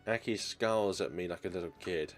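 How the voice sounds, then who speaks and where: Wry deep-voiced man reading a game. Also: normal speed, soft background music. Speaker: let's play narrator. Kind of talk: reading a visual novel aloud.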